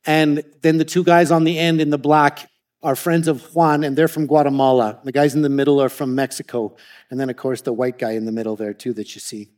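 A man from Canada, speaking at a medium pitch and a little fast, gives a ministry testimony talk while presenting slides. He tells stories in an animated way, restarting his sentences frequently.

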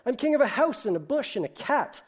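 A man voicing a boastful, greedy male turtle king in a storybook reading, loud and commanding. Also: extremely high pitch, big pitch swings, a little fast, husky, voice pushed up, full character voice.

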